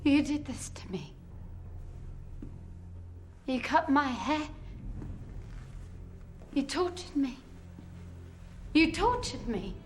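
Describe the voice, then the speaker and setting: A woman's voice: high voice, expressive, very slow, pauses often, darkish tone, a little hiss or hum, heavily acted. An anguished young woman. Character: young woman confronting her captor, anguished.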